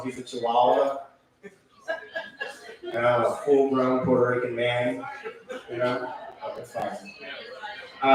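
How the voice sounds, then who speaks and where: A man doing a rambling, profane open mic stand-up set, full of ums and asides. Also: a little high. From Connecticut, USA. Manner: loose rambling delivery with many ums and profanity. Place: small venue with live crowd. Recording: echoey room, far from mic, crowd noise.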